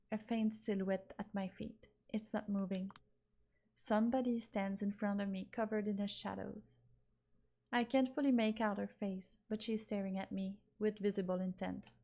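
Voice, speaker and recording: A woman streamer narrating a visual novel in first person, expressive with occasional asides. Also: medium pitch. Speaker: let's play streamer.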